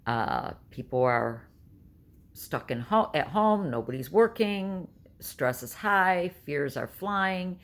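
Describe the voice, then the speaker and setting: A vlogger in her 60s from New York State takes it slowly, her low voice full of lively intonation. She tells stories in a chatty home vlog monologue, blunt and emphatic throughout.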